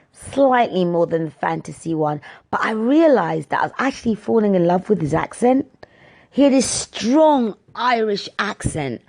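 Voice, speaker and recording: A woman vlogging, telling everyday stories in a chatty, exasperated way and swearing freely. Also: mid-range voice. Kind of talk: casual ranting storytime.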